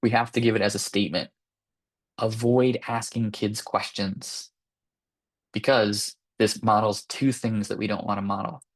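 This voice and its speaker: A man with a somewhat low voice gives an informal lecture to parents. He talks in a relaxed, conversational way and keeps checking in with tag questions and fillers. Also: moderate pace. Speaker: clinical psychologist presenting to parents.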